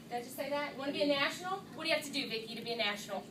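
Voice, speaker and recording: High-voiced woman addressing a room. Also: rapid-fire, reverberant, far from the mic, background noise. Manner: lively and chatty, addressing the room as y'all. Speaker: sales director speaking to her team. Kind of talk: motivational talk to a live audience. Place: meeting room with an audience.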